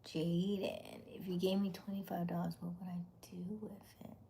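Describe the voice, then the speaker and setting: A woman hosting a casual livestream while eating dinner, chatting, greeting viewers by name, laughing often and sometimes dropping to a soft half-whisper. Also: fairly low pitch, little pitch movement, normal speed, vocal fry, a little hiss or hum. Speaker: livestream host.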